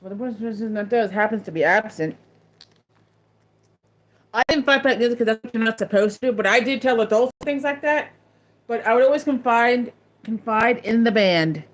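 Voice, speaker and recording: A woman with a fairly high, expressive voice hosts a casual viewer chat at a normal speed. She tells her story in a rambling way, restarting often, and the recording has a dull lo-fi quality.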